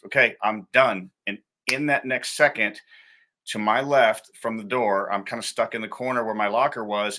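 Male guest, bright forward voice, heartfelt personal testimony. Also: mid-range voice. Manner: heartfelt storytelling.

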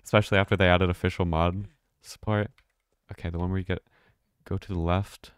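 A man with a low voice chats loosely while playing a game on stream, wandering from thought to thought and swearing freely. The sound is dry and close, with no room behind it. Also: level tone, a little fast, clear, resonant tone, no room sound. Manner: rambling, chatty, swears and laughs often. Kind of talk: casual live gameplay commentary.

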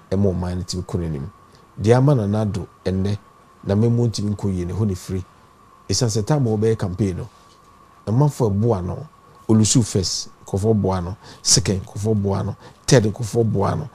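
A Ghanaian man with a dark, mellow, slightly raspy voice speaks in a TV interview. He talks like a preacher, pressing his points with sudden emphatic bursts. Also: lowish voice. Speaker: pastor and party founder. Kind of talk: impassioned talk-show interview.

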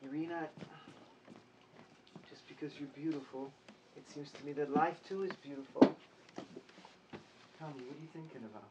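An actor playing a lovesick young officer under thirty, speaking earnestly and pleadingly. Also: male voice, a little high, fairly even intonation, normal speed, pauses often, muffled recording, close to an everyday voice. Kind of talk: stage drama acting. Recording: distant mic with noise.

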